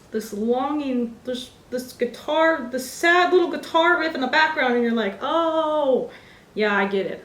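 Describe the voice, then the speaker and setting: A woman's voice: high-pitched, reverberant. A young woman vlogging from her bedroom, gushing about an album with frequent laughs. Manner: gushing, animated, laughs often. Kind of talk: casual chat.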